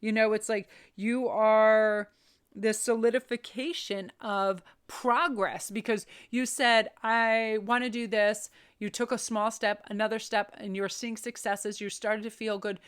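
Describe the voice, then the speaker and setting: A woman's voice: mid-range voice, fairly even intonation, a little slow, clear, resonant tone. A woman giving a casual spiritual tarot reading to her viewers, gushing and encouraging, with lots of filler phrases. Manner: gushing, encouraging, lots of "you know" and "right?". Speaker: tarot reader. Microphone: microphone.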